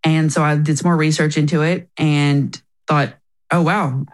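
A woman's voice: low-pitched, level tone, normal speed, low-quality recording. A woman talking as an interview guest, telling her personal story in an earnest, reflective way and often quoting herself and others.

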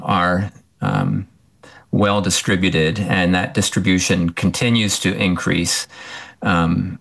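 A man, a professor, answering radio interview questions in a hesitant, halting way with many ums. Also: deep voice, vocal fry, a bit bright. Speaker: professor and tick researcher.

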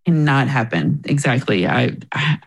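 A woman's voice: extremely low pitch, animated, unhurried, rough recording. A woman talking as an interview guest, telling her personal story in an earnest, reflective way and often quoting herself and others.

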